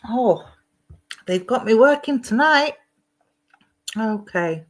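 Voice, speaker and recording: A woman's voice: on the high side, takes it slowly, long pauses. Woman giving psychic readings. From London. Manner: warm, chatty, calls viewers "my darling". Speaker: psychic medium. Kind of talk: live-streamed psychic readings.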